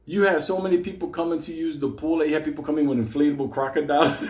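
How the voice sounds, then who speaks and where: In a slightly high voice, quick and with few pauses, a man casually tells comic stories about an old friend in a reverberant space. He's animated, swears heavily, and keeps breaking into laughter.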